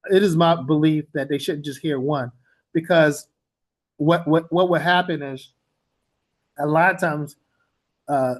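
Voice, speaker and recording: A TESOL instructor, a man with a slightly high voice, lectures on language teaching. He's blunt and informal, repeating his main points for emphasis.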